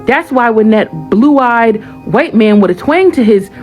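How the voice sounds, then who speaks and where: A woman's voice: a little high, expressive, unhurried, a little mellow, faint music behind, low-quality recording. A woman giving sarcastic, mocking direct-to-camera commentary. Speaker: social media commentator.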